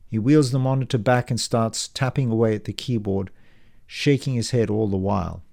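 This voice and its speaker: Reading his own novel in the first person, an author narrates with a gravelly voice that sits low for a man. His delivery is measured and descriptive, kept to an even reading pace.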